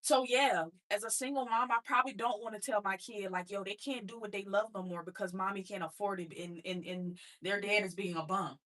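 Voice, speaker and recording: Bright, husky woman speaking candidly. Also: medium pitch, steady tone, brisk, hardly any pauses. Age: adult mother. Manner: blunt, streetwise, addresses listeners as y'all. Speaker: speaker sharing her life story. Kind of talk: motivational personal talk.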